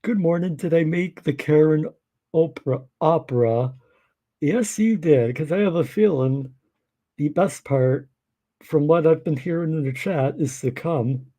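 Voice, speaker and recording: A man's voice: a little high, unhurried, mellow. A man hosting a live reaction stream, making wry, sarcastic remarks. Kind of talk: casual live reaction commentary.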